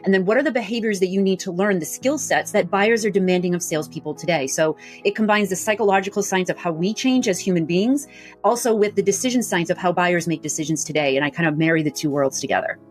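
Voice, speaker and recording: Brisk, confident woman sales coach. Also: fairly low pitch, soft background music. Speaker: sales coach and author, podcast guest. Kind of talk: interview answers.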